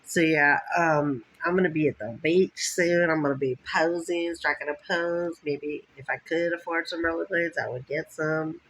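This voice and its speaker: Husky-voiced chatty woman vlogger. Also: sits low, steady tone, moderate pace, hardly any pauses, a bit bright, rough recording. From Los Angeles County. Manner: chatty, laughs often, quotes others in mock voices. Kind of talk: casual rambling monologue. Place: lying down at home.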